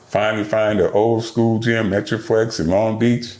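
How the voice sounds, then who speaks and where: Older man, deep, profane storyteller. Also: moderate pace, few pauses, echoey room, slight background noise. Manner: animated, profane storyteller acting out others' lines. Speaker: podcast guest. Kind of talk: storytelling interview.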